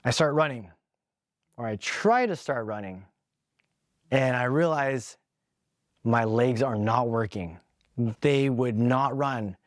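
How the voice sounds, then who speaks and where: A man's voice: mid-range voice, slow, long pauses, no room sound, clean studio sound. A young adult man hosting a podcast, telling a personal story in an earnest, candid way, emotional and holding back tears. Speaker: podcast host.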